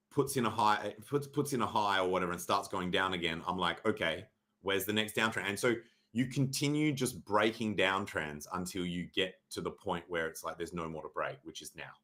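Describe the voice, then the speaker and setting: A young adult man hosting a casual livestream, sarcastic and mock-dramatic, swearing freely and often clearing his throat. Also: low voice, bright, forceful tone. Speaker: livestream host reviewing crypto charts. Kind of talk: casual livestream chart talk.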